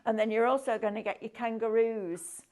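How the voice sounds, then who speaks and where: Fairly high-pitched and a little mellow, this woman talks fairly quickly with fairly even intonation while presenting a craft shopping show. She demonstrates products in a bright, chatty way, often asking tag questions.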